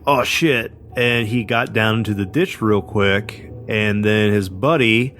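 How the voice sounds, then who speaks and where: A man's voice: on the low side, fairly even intonation, measured pace, fairly bright tone, soft background music. A man co-hosting a podcast, telling a story casually with lots of fillers and restarts. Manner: rambling, many fillers and restarts. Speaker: podcast co-host.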